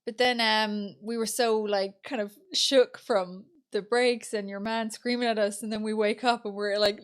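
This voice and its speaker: A woman co-hosting a podcast, telling a story in casual chat, animated and swearing freely. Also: medium pitch, normal speed, clear, resonant tone. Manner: animated, swears freely, tells stories with loud acted-out quotes. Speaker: podcast co-host.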